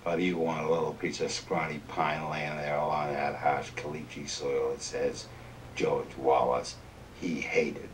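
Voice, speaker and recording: A man's voice: rumbling low, completely flat delivery, moderate pace, few pauses, far from the mic, slight background noise. A man imitating an older Southern president with a drawling, blunt and folksy manner. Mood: persuasive.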